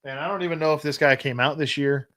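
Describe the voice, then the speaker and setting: A man's voice: on the high side, steady tone, quick pace, fairly bright tone, low-quality recording. Rambling man reviewing toys. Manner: rambling, blunt, repeats and restarts while complaining. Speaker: action figure collector and channel host. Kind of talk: casual livestream toy review.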